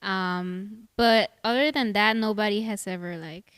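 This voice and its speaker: A woman's voice: medium pitch, fairly even intonation, measured pace, fairly bright tone, clean tone. Female podcast guest, casual and candid, swears freely, answers with short reactions.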